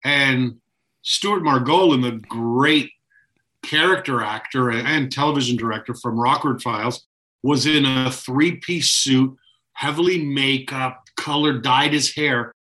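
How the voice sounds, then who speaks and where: Bright-voiced man telling lively stories. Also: medium pitch, measured pace, low-quality recording. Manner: lively, detailed storyteller. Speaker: co-worker on the show. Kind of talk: casual reminiscing chat.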